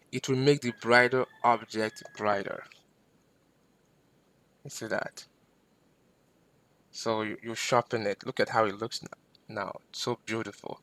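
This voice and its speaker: A man teaching a screen-recorded software lesson, patient and step by step, repeating himself with fillers. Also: medium pitch. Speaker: instructor.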